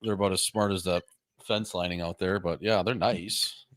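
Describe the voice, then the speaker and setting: A man's voice: deep voice, steady tone, moderate pace, a bit bright, dry recording. A man co-hosting a livestream, chatting casually in a blunt, crude, joking way. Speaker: stream co-host.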